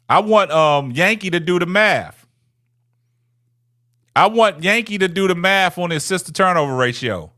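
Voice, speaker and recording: A man's voice: high voice, animated, normal speed, pauses often, sharp tone. A man, hosting a casual livestream and talking to viewers in the chat. He taunts them, repeats himself and ends many phrases with "man". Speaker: livestream host.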